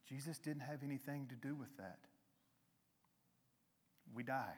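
A man preaching a conversational sermon to a congregation, with emphatic rises and a soft, slow hymn. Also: mid-range voice, in a large hall, slight background noise. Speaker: lay preacher. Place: church hall.

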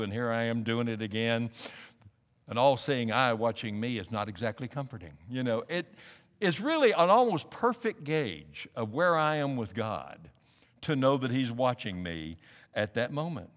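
A man preaching a sermon as a pastor, animated and building up to emphatic, pressing questions. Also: medium pitch, moderate pace, big-room sound. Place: church sanctuary.

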